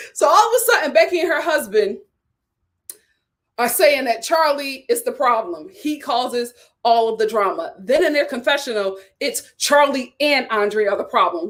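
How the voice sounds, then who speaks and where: Woman, reality TV recap host, high voice, swooping animated delivery, casual storytelling. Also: normal speed. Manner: animated storytelling with acted quotes and laughter.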